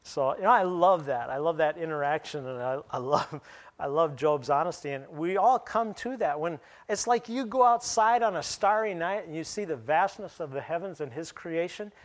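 A pastor delivering a sermon in a somewhat high-pitched male voice. He is lively and wry, and he chuckles between points as he explains scripture to his congregation. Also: moderate pace. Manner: animated, chuckling, wry asides.

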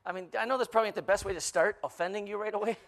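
A man in his fifties, visiting as a guest pastor, delivers a sermon full of jokes in a high-pitched voice at a very fast clip. He teases the crowd and tells stories in a playful, animated way.

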